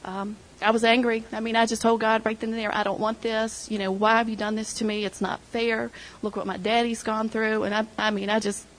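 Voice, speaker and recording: A woman's voice: a little high, flat delivery, brisk, few pauses, rough recording. A middle-aged woman sharing an emotional personal testimony with her church group, retelling conversations as she goes. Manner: emotional storytelling, quoting others.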